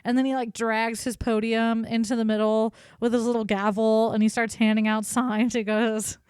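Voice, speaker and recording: A woman's voice: on the high side, little pitch movement, normal speed, few pauses, a little mellow, clean tone, dry recording, studio quality. A woman co-hosting a podcast, telling history in a casual, irreverent way and swearing freely. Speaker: podcast co-host.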